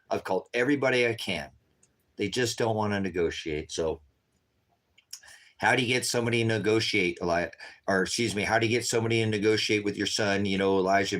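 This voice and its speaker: In an unscripted livestream, a low-voiced man with a slightly bright tone speaks urgently to his viewers. He repeats himself and constantly says "guys," and he's tired from being up all night.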